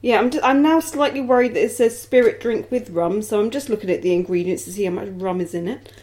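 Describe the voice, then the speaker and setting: A woman from England co-hosting a casual podcast, easygoing and dry, slowing down when reading aloud. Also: medium pitch, darkish tone. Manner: easygoing, dry, reads labels aloud slowly. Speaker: podcast co-host. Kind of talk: casual chat.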